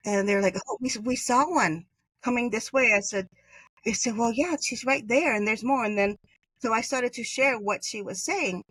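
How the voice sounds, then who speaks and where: A woman from Hawaii, a podcast guest, telling a personal story in a rambling way, with sudden high jumps when she voices others. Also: normal speed, husky, no room sound, poor audio. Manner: animated, acts out quoted voices with pitch jumps; rambling, self-correcting.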